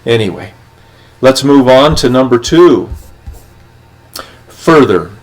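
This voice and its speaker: A man's voice: mid-range voice, poor audio. Plainspoken man reading legal text. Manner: plainspoken, halting with many fillers and restarts. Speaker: podcast host. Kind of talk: reading and explaining legal documents.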